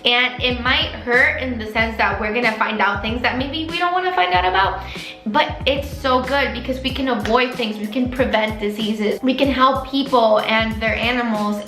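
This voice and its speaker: A woman's voice: a little high, a bit bright. Emotional young woman vlogging in an echoey room. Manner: emotional, openly tearful at times; chatty with many likes and restarts. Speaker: veterinary student vlogger. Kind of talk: personal vlog talking to camera.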